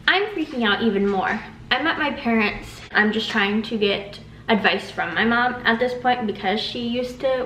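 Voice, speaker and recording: Animated young woman in an echoey room. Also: medium pitch, slight background noise. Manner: animated, quotes people in a raised voice. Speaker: vlogger. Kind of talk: casual storytime.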